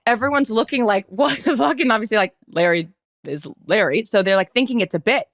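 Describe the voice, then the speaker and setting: A woman co-hosting a podcast in casual chat, telling stories with lively acted-out quotes and casual swearing. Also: mid-range voice, fairly quick, no echo, studio quality. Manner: animated storyteller, acts out quotes, swears casually. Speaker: podcast co-host.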